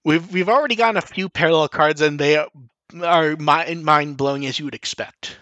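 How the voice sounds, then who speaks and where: A man's voice: on the high side, brisk, fairly bright tone, no room sound, lo-fi sound. A man co-hosting a casual podcast, reading out listener questions and answering them in a rambling, self-correcting way.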